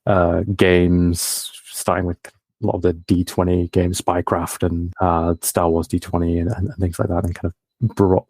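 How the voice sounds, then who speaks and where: A man with a very low voice answers interview questions about his work. He talks modestly and hesitantly, hunting for words, and the recording sounds dry and close. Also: level tone, unhurried, a little mellow, dry recording. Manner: hesitant, lots of fillers and restarts, modest. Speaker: guest, game designer.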